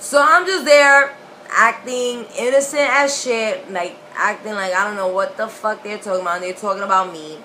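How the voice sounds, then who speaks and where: A young woman telling a personal story in a casual, profane, animated way. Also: medium pitch, normal speed, slight background noise, low-quality recording. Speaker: vlogger.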